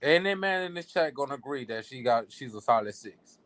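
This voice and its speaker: A man's voice: medium pitch, expressive, brisk, a bit bright, no room sound. Opinionated man in casual chat. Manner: opinionated, informal grammar. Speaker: panel guest.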